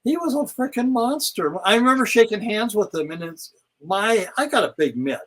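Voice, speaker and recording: An older man, a guest in a casual interview, telling stories in an animated way and acting out quoted lines. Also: sits high, normal speed, low-quality recording. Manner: animated storyteller, acts out quotes. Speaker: guest, retired pro wrestler.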